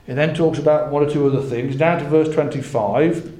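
A man giving a Bible talk, reading scripture slowly and with emphasis between halting, chatty asides. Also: medium pitch, dark tone, roomy sound. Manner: halting, with repeated words. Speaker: preacher.

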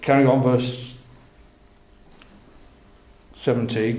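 A man giving a Bible talk, reading scripture slowly and with emphasis between halting, chatty asides. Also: mid-range voice, a little mellow, reverberant. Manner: halting, with repeated words. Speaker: preacher.

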